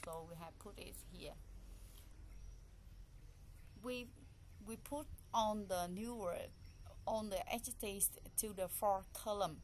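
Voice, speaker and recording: Woman English teacher, unhurried, repeats words aloud, faint room noise behind. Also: mid-range voice. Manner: repeats each word slowly, counting syllables aloud; simple, non-native phrasing. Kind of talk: classroom pronunciation lesson.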